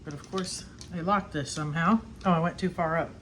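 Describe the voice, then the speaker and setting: This middle-aged woman has a fairly low, slightly bright voice and a brisk delivery, with a bit of hiss or hum in the background. A homestead vlogger, she demonstrates a kitchen task at home in a chatty way, laughing frequently and snacking as she goes.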